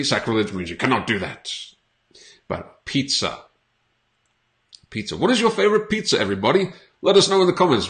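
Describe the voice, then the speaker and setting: Lively, playful male English teacher. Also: mid-range voice. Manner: playful, repeats words slowly for learners. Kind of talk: casual on-camera English lesson.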